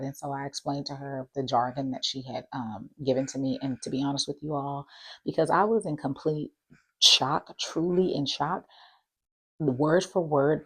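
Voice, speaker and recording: A woman, casually telling a story to camera in a chatty, animated way. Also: dry recording. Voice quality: husky, gravelly low voice. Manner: chatty, animated retelling with laughs and mimicked voices. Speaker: vlogger.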